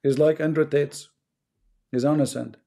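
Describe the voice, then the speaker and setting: A man's voice: on the high side, steady tone, normal speed, creaky, warm tone. A man with a foreign accent hosting a live stream, reading viewer comments and teasing his audience. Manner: joking and teasing, often laughing.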